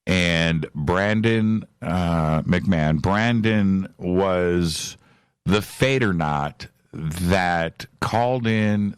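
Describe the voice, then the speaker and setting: Deep-voiced male radio host, halting speech. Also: clean tone, no echo, clean studio sound. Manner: halting, many fillers and restarts. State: tearing up. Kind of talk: casual radio talk.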